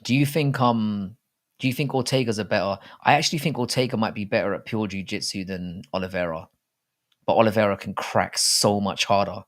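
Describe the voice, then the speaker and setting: In a lowish voice and at a brisk clip, a man hosts a laid-back live stream on fight betting, rambling and cracking crude jokes with plenty of restarts.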